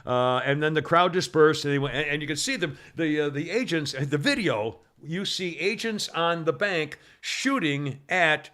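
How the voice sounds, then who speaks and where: A man hosting a podcast, chatting about the news in a rambling, halting way with frequent laughs. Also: fairly high pitch, animated, sharp tone. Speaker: podcast host. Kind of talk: casual political chat.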